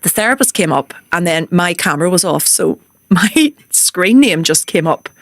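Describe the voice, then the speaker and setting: Lively woman telling stories. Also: lowish voice, moderate pace, no room sound. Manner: animated, laughs through her stories. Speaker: podcast host. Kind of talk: casual comic storytelling.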